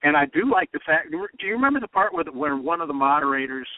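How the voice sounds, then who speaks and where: A man's voice: fairly high pitch, fast talker, no room sound. A man hosting a political talk radio show, emphatic and impassioned, often repeating himself. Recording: dry, phone-like radio sound.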